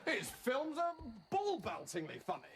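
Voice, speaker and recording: An actor playing a boisterous, naive young lieutenant with gushing enthusiasm, in a noisy TV recording. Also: male voice, very high-pitched, wildly swooping pitch, normal speed, creaky, fairly bright tone, exaggerated voice. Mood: jolly. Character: jolly, naive upper-class young male lieutenant. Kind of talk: sitcom acting. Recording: noisy TV audio with studio laughter.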